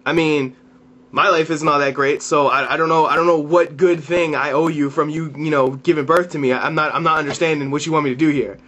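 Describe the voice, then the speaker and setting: A young man with a high voice rants straight into his camera, exasperated and full of swearing. He keeps circling back, repeating phrases and restarting sentences as he builds his complaint. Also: steady tone, a little fast, bright, forceful tone, slight background noise. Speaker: vlogger. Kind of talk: ranting to camera.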